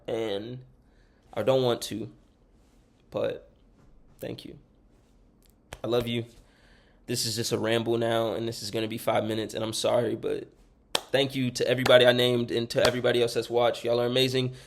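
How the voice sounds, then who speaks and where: Here a young podcast host, a man with a gravelly, medium-pitched voice, delivers rambling, heartfelt thank-yous to friends and listeners. His delivery is flat and moderately paced with frequent pauses, and he swears freely while choked up nearly to tears.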